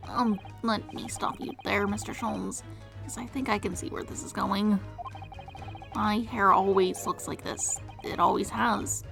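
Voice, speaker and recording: A woman voicing a glum, soft-spoken young male defense lawyer, hesitant and mumbling, with vocal fry. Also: medium pitch, steady tone, measured pace, rough recording. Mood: downcast. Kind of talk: reading game dialogue aloud. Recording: game music behind.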